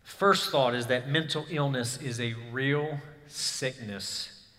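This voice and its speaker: A man's voice: mid-range voice, takes it slowly, pushed and bright. A man in his thirties preaching a sermon, telling a personal story in an earnest way and rising to emphatic bursts. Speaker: pastor. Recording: hall reverb.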